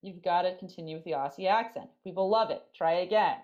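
A woman's voice: fairly low pitch, fast, darkish tone, highs cut off. A woman hosting a podcast in casual chat, teasing her co-hosts, laughing often and swearing now and then. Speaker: podcast host.

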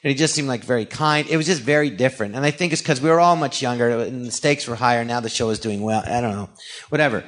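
A middle-aged man from California, telling lively anecdotes in an interview and acting out the dialogue. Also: mid-range voice, fast talker. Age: 40s or older. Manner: animated storyteller acting out quoted dialogue. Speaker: guest. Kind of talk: anecdotal storytelling.

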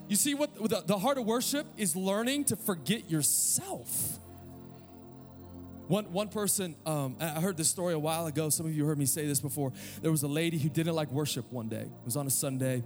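A man preaching a sermon as pastor, animated and conversational, with humorous everyday comparisons and calls for the audience to respond. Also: a little high, normal speed. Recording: long hall reverb with faint music.

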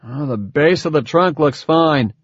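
A man voicing a sarcastic gruff soldier. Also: fairly high pitch, expressive, measured pace, no room sound, voice pushed up. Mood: sardonic. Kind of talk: audiobook character voice. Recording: dull dry lo-fi recording.

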